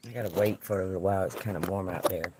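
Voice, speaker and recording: A man's voice: deep voice, fairly even intonation, very fast, very noisy. A man giving a casual live-stream tarot reading outdoors, laid-back and rambling, often muttering under his breath. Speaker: tarot reader. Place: outdoors on a hot day.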